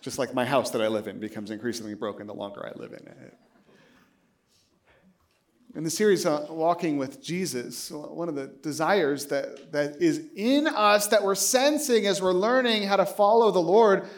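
A man's voice: on the high side, normal speed. A man in his late thirties preaching a sermon, telling stories with lots of animation, acting out both sides of a dialogue and laughing often while he talks. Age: late 30s. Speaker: pastor.

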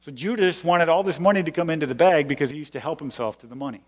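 A man's voice: a little high, quick pace. Man preaching in a reverberant hall. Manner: conversational, explanatory, emphatic. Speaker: pastor. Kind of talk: sermon.

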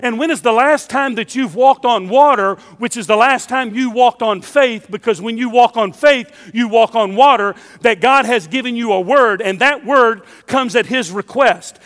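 A man's voice: very high-pitched, normal speed, few pauses, a bit bright, big-room sound. A man preaching a sermon in a church, emphatic and repeating his key phrases.

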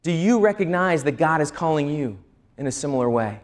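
A man's voice: fairly high pitch, animated, brisk. A male pastor preaching a sermon, teaching earnestly and asking the listeners rhetorical questions.

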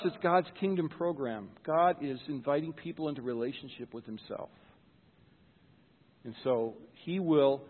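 High-voiced guy preaching, kinda husky, earnest and chatty, tinny recording. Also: in a large hall. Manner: earnest, conversational, repeats words when starting a thought. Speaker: pastor. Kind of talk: sermon. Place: church.

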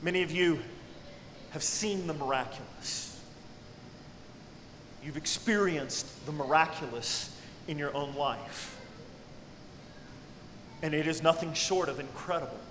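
High-voiced preacher in a reverberant hall. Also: male voice, a little slow, long pauses, a little hiss or hum. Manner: dynamic preaching, dropping to hushed tones then rising to cries. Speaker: pastor. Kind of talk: sermon. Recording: echoey hall with long reverb.

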